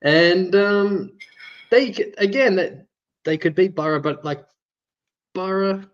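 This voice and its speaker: A man with an Australian accent, co-hosting a casual fan chat, jokey and quick to laugh. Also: high voice, highs cut off. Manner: jokey, chatty, laughs often. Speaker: co-host.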